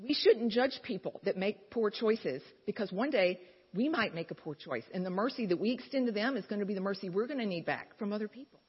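A woman's voice: mid-range voice, animated, a little fast, husky. A woman giving an encouraging faith-based talk to mothers in a large hall, telling candid stories in a conversational way with asides. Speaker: speaker at a mothers' gathering. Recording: dull, lo-fi recording in a reverberant hall.

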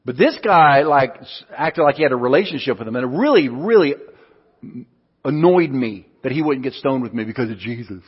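Male pastor, storytelling sermon, husky tone, muffled hall recording. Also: mid-range voice, animated, brisk. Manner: storytelling with acted-out quotes. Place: church hall. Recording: muffled sound in a reverberant hall.

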